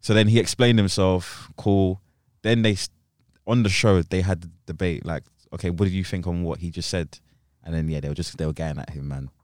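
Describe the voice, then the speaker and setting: A man's voice: low voice, fairly even intonation, brisk, darkish tone, no echo, studio quality. A young man chatting casually as a podcast co-host, laid-back and slangy, often restarting his sentences. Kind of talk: casual chat.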